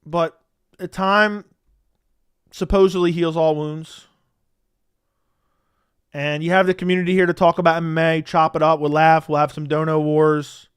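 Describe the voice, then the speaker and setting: Young dude on a livestream, higher voice, smooth and clean, kinda repeats stuff, thanks everyone. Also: male voice, flat delivery, moderate pace, long pauses, no room sound, clean studio sound. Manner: laid-back, thanks viewers often, repeats himself. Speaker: livestream host reading donations. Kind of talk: casual livestream chat.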